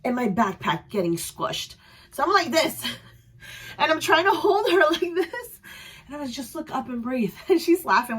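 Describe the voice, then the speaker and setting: A young adult woman vlogger telling a story in a casual, chatty way, animated and quick to laugh. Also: a little high.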